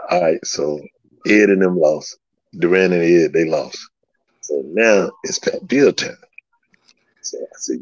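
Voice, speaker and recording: A man's voice: low-pitched, a little slow, pauses often, no room sound. A man telling old stories in a casual, profane way, laughing often and acting out the dialogue. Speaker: guest recounting old stories. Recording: slightly dull lo-fi sound.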